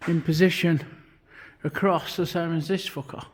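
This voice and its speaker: A man with a husky, steady, slightly high voice talks at normal speed while narrating a casual workshop vlog. As a metal fabricator, he describes his metalwork bluntly with heavy swearing, sometimes short of breath.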